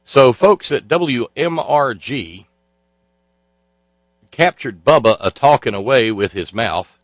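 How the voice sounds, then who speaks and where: A man's voice: medium pitch, animated, slow pace, no room sound, rough recording. A man hosting a talk show, delivering sarcastic political commentary in a rambling way full of filler sounds. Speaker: radio talk show host.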